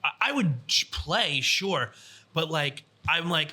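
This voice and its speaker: A man's voice: fairly high pitch, animated, slow pace, sharp tone. A man hosting a podcast in casual chat, rambling with lots of fillers from an indoor studio. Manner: rambling, heavy use of fillers. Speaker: podcast host.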